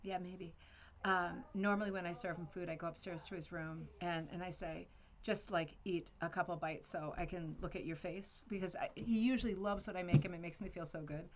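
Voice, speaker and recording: A woman's voice: lowish voice, fairly even intonation, brisk, noisy background. A woman hosting a rug hooking club livestream, chatting casually and rambling with fillers and laughs.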